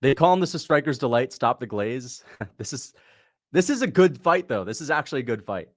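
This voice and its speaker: Man, casual live-stream fight reactor, mid pitch, chatty, prone to excited outbursts. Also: fairly quick. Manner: excitable, talks to chat, sudden shouts at big moments. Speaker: livestream host reacting to fights.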